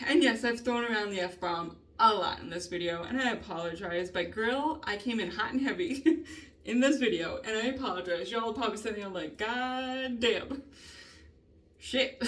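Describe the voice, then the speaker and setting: Heard through a distant mic, a woman with a medium-pitched voice vents in a loose, rambling vlog. She swears heavily and keeps laughing nervously between her thoughts.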